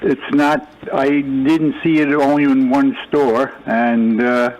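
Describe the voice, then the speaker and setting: A man calling in to a radio show, speaking in a hesitant, halting way. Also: medium pitch, level tone, darkish tone, rough recording. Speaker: caller. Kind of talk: call-in chat.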